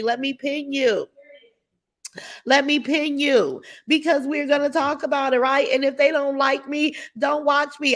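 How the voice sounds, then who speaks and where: A woman's voice: high voice, fairly bright tone. A middle-aged woman hosting a casual livestream, reading viewers' comments aloud and answering them bluntly and with plenty of profanity. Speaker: livestream host reading chat.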